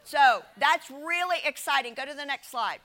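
A woman delivers a sermon in a bright, tense voice pitched a little high. She is animated and emphatic, and she keeps checking in with her listeners through rhetorical questions. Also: normal speed. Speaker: preacher. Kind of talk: sermon with slides.

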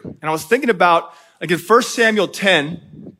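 A man with a noticeably high voice delivers a sermon. His talk is loose and conversational, and he keeps checking in with his listeners as he goes. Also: expressive, a little fast, fairly bright tone. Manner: conversational, often checks in with the audience with "right?". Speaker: preacher.

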